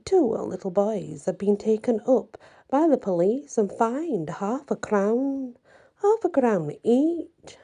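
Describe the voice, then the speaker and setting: A pompous storybook cat creature chairs a committee and reels off figures in a squeaky, officious voice, as a woman puts him on. The sound is dark and mellow, and he talks slowly. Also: sing-song, husky, exaggerated voice. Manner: officious, reciting grim figures.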